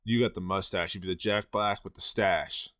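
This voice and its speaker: A laid-back man hosts a casual podcast and eggs his guest on with "bro" and "dude". His voice sits fairly low, and it comes across dry and close with no room sound. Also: fairly even intonation, moderate pace, bright, forceful tone, no room sound. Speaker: podcast host.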